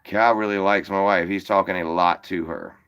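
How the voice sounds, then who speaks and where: A man's voice: low voice, fairly even intonation, normal speed, a bit bright, clear, resonant tone. A man hosting a live call-in show, chatting casually and rambling to his viewers with plenty of swearing. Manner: rambling and profane; talks to viewers directly. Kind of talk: casual livestream chat.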